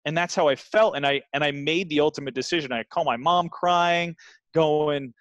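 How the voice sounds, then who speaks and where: A man's voice: on the high side, moderate pace, a bit bright, dry recording, lo-fi sound. A man in his thirties from New Jersey, a guest telling his story earnestly in a casual interview, with lots of fillers and restarts.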